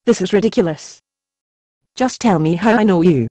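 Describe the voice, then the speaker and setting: A woman playing a defensive, quick-tempered young woman who questions sharply, in an amateur stage drama. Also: fairly low pitch, no echo, close to an everyday voice. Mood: exasperated. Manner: sharp and demanding.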